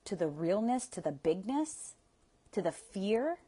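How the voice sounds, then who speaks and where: A woman's voice: medium pitch, big pitch swings, measured pace, warm tone, husky. A woman coach guiding listeners through a tapping session, speaking with soothing guidance and audible sighs between prompts.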